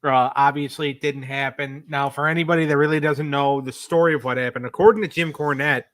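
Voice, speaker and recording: A man's voice: fairly high pitch, steady tone, a little fast, fairly bright tone, dry recording. A man co-hosting a casual wrestling review podcast, telling a backstage story in a loose, rambling way and acting out the quotes. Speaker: podcast co-host.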